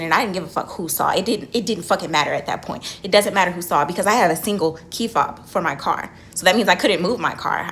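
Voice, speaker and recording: A young woman vlogging from her car, telling a dramatic story in a casual, animated way and swearing freely. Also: lowish voice, a little hiss or hum.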